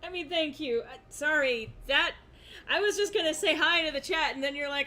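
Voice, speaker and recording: Young woman gaming streamer, bright higher voice, giggly, rambling chat reader. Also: animated, moderate pace. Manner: laughs often, reads chat aloud, rambling. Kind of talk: casual live-stream chat.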